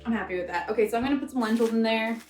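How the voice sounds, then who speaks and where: A young woman talks her way through a recipe in a loose, self-interrupting ramble, her voice sitting a touch high. She sounds distant from the mic, in a roomy kitchen with an echo and faint music underneath. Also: rapid-fire, darkish tone. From American South. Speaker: cooking vlogger. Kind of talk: casual cooking vlog chat. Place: home kitchen. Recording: echoey kitchen, mic far off.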